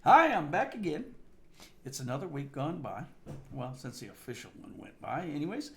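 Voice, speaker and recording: A man's voice: a little high, huge pitch swings, moderate pace, vocal fry, a bit bright. A man hosting a comedic radio show, joking and laughing often as he talks.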